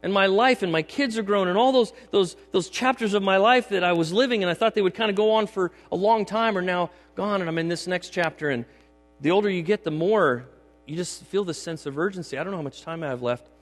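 This pastor, a middle-aged man, has a high-pitched voice and talks a little fast as he delivers an emphatic, conversational sermon, frequently addressing the congregation. The church sanctuary gives a long hall reverb, with mains hum audible.

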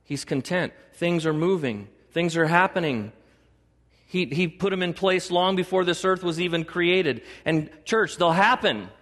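A middle-aged man preaching a sermon to a congregation as pastor, animated, joking and acting out little dialogues. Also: measured pace, in a large hall. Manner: animated, acts out dialogue with God in a higher voice; jokes and laughs with the congregation.

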